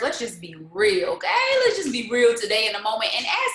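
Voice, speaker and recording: Very animated and brisk, a woman with a fairly high, pushed, bright voice barely pauses as she hosts a casual pep talk on live stream from her home. The motivational host fires rhetorical questions, blending faith-based encouragement with casual asides and frequent laughs. The room echoes and the recording is rough.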